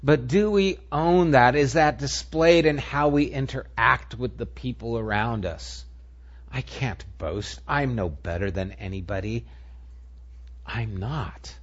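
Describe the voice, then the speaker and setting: Male pastor, sermon delivery, husky and unhurried, swings from emphatic to hushed. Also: medium pitch, highs cut off. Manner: shifts between animated emphasis and hushed near-whispers.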